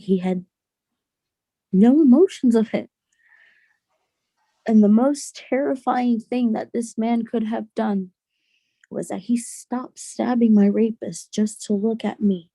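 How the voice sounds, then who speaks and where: Gravelly-voiced woman telling her story. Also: medium pitch, mellow, no echo. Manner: earnest, halting, with many restarts. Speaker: podcast guest. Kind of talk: personal storytelling in a podcast interview.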